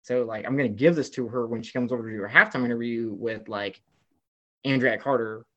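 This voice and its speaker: Fast-talking young man telling a story. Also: mid-range voice, muffled recording. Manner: animated, rambling, heavy use of "like". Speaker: guest. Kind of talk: casual storytelling chat.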